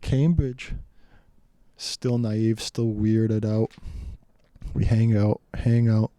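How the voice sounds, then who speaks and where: A man tells a casual personal story in a chatty, rambling way, acting out the people in it. His voice sits low and mellow. The recording is dry and close. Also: steady tone, drawn-out words, no echo.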